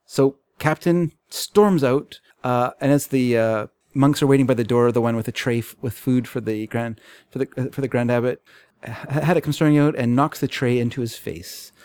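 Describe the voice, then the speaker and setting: A man in easy, casual conversation, walking through a story with wry little asides. His voice is mid-pitched and sits close and dry, with almost no room sound around it. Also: steady tone, normal speed, darkish tone, clean tone, dry recording. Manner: chatty recap with wry asides. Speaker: podcast co-host. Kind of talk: casual chat.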